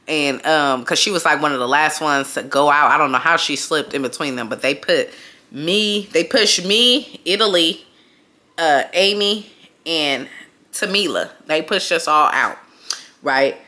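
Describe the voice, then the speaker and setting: A woman's voice: low voice, bright, forceful tone. A woman vlogger telling a story in a casual, slangy way, acting out the voices of her friends.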